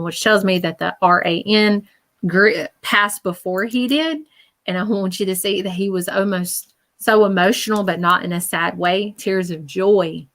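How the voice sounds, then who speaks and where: A woman giving a live-stream psychic reading. She speaks earnestly and with feeling, voicing the messages she relays and checking in often with her listener. Her voice sits at a middle pitch. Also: unhurried. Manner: earnest, relays messages in quoted speech, keeps asking "okay?"; animated, emotional. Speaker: psychic medium.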